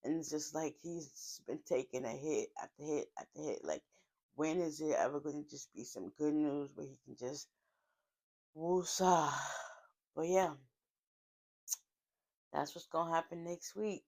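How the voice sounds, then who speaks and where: A woman's voice: deep voice, unhurried, pauses often, darkish tone. A woman casually recapping a TV drama episode in a chatty, heartfelt storytelling way, with frequent fillers and asides. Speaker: TV show recapper.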